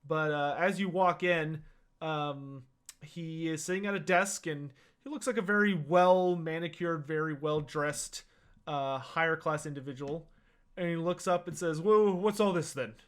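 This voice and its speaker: A man's voice: a little high, steady tone, a little slow, fairly bright tone, clean tone. A man narrating as game master of a tabletop role-playing game, in a loose, rambling way with many fillers.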